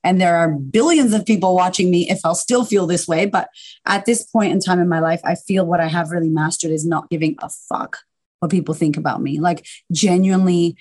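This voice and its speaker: A woman guest on a podcast, a confidence coach talking in an animated, emphatic way and swearing casually. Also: on the low side, fairly quick. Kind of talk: casual interview chat.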